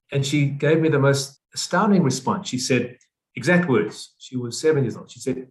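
A man's voice: mid-range voice, animated, fairly quick. South African male guest, earnest, repeats phrases for emphasis. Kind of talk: interview conversation.

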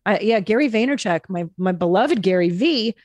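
A middle-aged woman co-hosting a podcast, chatting casually with lots of swearing and animated storytelling. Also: medium pitch, moderate pace, no echo. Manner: profane, animated storytelling with mimicked voices. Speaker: podcast co-host.

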